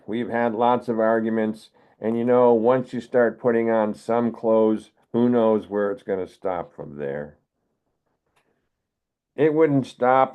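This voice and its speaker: An older man from the United States, giving a wry, measured poetry reading as a poet. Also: medium pitch, smooth. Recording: narrow phone-like video call audio.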